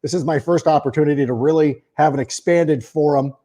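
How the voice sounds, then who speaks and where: On the high side and a little fast, this mellow-voiced man runs a sports podcast monologue. His talk is casual and long-winded, sentences often start with repeated words, and he stops midway to read a sponsor ad.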